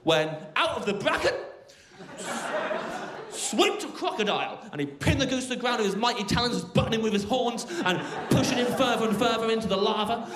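Lively stand-up comic. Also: male voice, extremely high pitch, fairly quick, background noise. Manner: absurd rambling storytelling, sardonic. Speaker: stand-up comedian. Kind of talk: stand-up comedy. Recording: roomy club sound with loud crowd.

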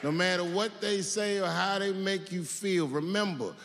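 A man performing stand-up comedy on stage, with profane, conversational punchlines and long pauses. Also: high-pitched, a bit bright. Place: stage in a hall with a live audience. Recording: echoey hall with crowd noise.

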